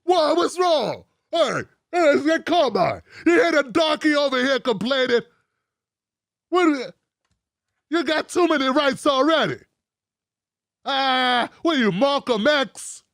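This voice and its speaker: A man putting on a pushy, dismissive old-school politician who keeps asking what's wrong, a raised, lively voice with big swings, loud and in-your-face, heard close and dry in a small room. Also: extremely high pitch, slow pace, vocal fry, no echo, full character voice. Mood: brash. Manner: mocking exaggerated impression, repeating questions. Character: brash older male politician, dismissive and defensive.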